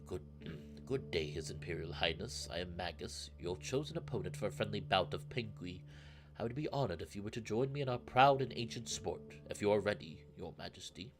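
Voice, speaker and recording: A man voicing a deep, courteous old wolf. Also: expressive. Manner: formal, measured, deferential. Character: courteous old male wolf fighter, formal. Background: background music.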